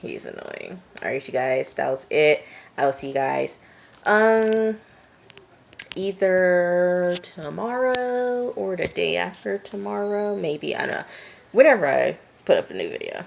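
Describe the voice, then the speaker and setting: Brief: lower-voiced woman, casual reviewer, blunt and chatty, filler-heavy. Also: lively intonation, unhurried, gravelly, slight background noise. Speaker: TV review vlogger. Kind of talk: casual episode recap.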